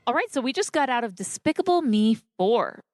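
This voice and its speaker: A woman's voice: a little high, very animated, a little fast, a little mellow, no echo, soft background music. Chatty woman podcast co-host, dry sound. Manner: chatty, laughs often, thinks aloud. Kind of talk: casual movie review chat. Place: underground parking garage.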